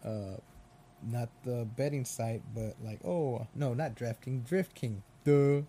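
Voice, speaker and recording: A man's voice: mid-range voice, slow pace, dark tone, breathy edge. A man ranting casually and sarcastically about movies, swearing and rambling.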